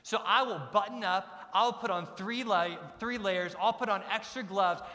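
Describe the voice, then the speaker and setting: The long reverb of a large church hall carries this middle-aged pastor's sermon from the sanctuary. His voice sits high, bright and forceful at a normal pace, and he preaches emphatically, returning to his key lines again and again.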